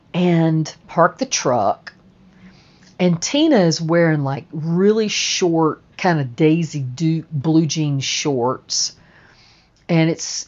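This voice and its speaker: A woman with a low voice tells a personal story at an unhurried pace. She rambles, restarts her sentences and swears freely. The recording sounds dull and lo-fi. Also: a little mellow.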